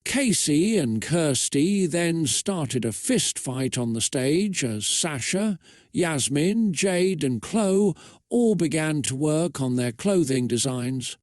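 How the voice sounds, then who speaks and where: A man reading a fan-fiction story aloud for comedy, narrating in a steady, matter-of-fact way. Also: fairly high pitch, slow, no room sound, clean studio sound.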